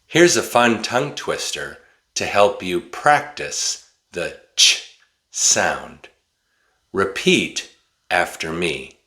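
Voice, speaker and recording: Male teacher from Wisconsin, deliberate over-enunciation, bright and forceful tone. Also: deep voice, big pitch swings. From Wisconsin, USA. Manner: slow, deliberate, exaggerated enunciation. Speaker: English teacher. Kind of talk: pronunciation lesson.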